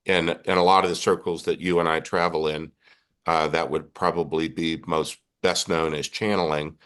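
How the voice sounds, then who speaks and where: Brief: older Texan priest, very low voice, earnest storyteller who keeps restarting his sentences. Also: flat delivery, normal speed, fairly bright tone, clean tone. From Texas. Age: 60s. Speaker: Catholic priest and guest. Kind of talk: conversational storytelling interview.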